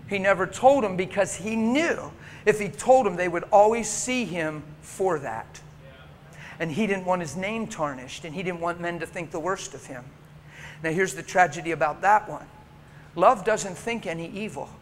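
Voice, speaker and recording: High-voiced preacher in a reverberant hall. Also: male voice. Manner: animated, acts out dialogue, emotional. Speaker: pastor. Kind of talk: storytelling sermon. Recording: reverberant hall with faint noise.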